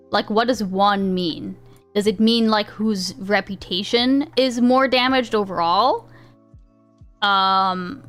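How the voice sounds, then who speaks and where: A woman's voice: medium pitch, fairly bright tone. A woman livestreamer chatting casually with her chat, rambling, restarting sentences and laughing often. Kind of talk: casual live-stream chat. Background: faint chill background music.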